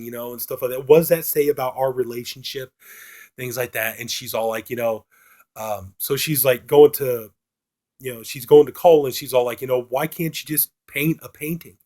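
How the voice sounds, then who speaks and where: A man's voice: medium pitch, a little mellow. Rambling man retelling a film plot. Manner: rambling, constant filler phrases. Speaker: film reviewer.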